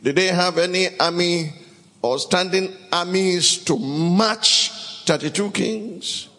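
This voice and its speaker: A man's voice: high-pitched, slow pace, a bit bright. A man preaching a sermon, emphatic and calling out to the congregation for responses. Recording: long hall reverb.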